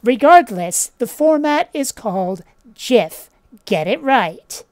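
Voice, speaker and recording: A woman's voice: fairly high pitch, very animated, slow pace, a little mellow, no room sound, studio quality. A woman hosting a casual vlog, blunt and opinionated, swearing offhandedly as she talks. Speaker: channel host.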